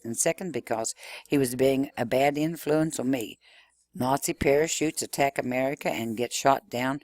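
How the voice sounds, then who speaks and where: A man reading a novel aloud in an expressive first-person storytelling manner. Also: medium pitch. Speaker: reader.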